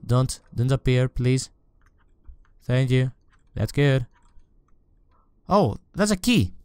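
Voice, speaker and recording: A man's voice: lowish voice, darkish tone, dry recording. A man playing a horror game on camera, talking to the game and his viewers, often shrieking and swearing when scared. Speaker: let's play gamer.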